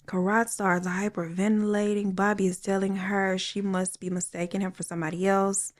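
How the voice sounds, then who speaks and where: A woman's voice: medium pitch, flat delivery, normal speed, hardly any pauses. A woman casually retelling a true crime story to her viewers in a chatty, slangy way, talking straight to the audience.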